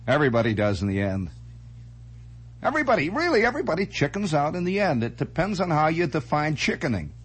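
A man's voice: fairly high pitch, big pitch swings, fast, slightly rough. A man hosting a radio monologue, rambling theatrically and making sound effects with his voice. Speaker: radio host. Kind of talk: late-night radio monologue. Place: radio studio.

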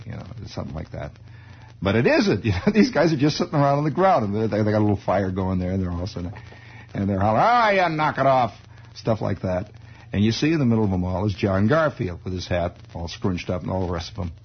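In a conversational radio style, a man with a low, slightly rough voice tells a wry, digressive story as a rambling comic monologue. The sound is that of a dull, lo-fi old radio recording.

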